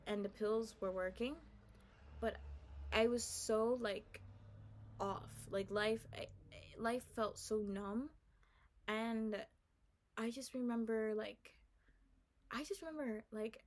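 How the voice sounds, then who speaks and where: A young woman telling a personal story in a soft, earnest, confiding way, halting and full of "like" and restarts. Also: medium pitch, a little hiss or hum. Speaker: vlogger. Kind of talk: personal testimony, casual storytelling.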